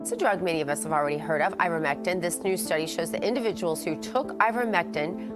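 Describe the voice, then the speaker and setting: A woman's voice: on the low side, quick pace, loud music behind the voice. A woman co-hosting a morning news show, chatting casually and reading health news in an upbeat, chatty way from a studio. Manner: chatty, upbeat, laughs easily. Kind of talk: casual chat and read health news segment.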